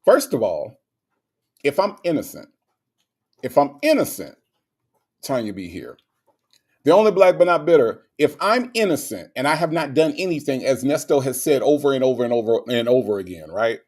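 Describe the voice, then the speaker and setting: Brief: male channel host, mocking commentary, mid-pitched, hammers words by repeating them. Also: very animated, normal speed, a little mellow.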